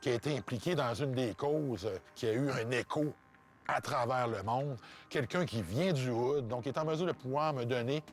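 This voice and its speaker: A man hosting a documentary, interviewing in English and narrating, measured, pausing on fillers. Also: mid-range voice. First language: French. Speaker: host. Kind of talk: documentary host, interview and voice-over.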